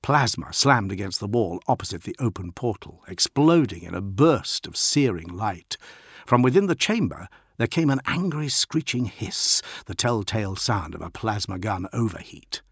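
Low-voiced male audiobook narrator. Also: big pitch swings, moderate pace, slightly rough, no echo, studio quality.

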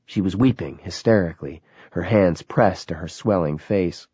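A man narrating a novel in a lively, dramatic reading. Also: low voice, moderate pace, breathy edge, no echo. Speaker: audiobook narrator. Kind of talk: scripted narration. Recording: dull, lo-fi sound.

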